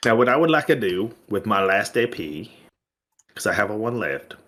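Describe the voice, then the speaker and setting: A man's voice: fairly low pitch, big pitch swings, normal speed, fairly bright tone, slight background noise. Joking male tabletop player. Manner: declares his character's actions, joking. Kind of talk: casual tabletop game talk.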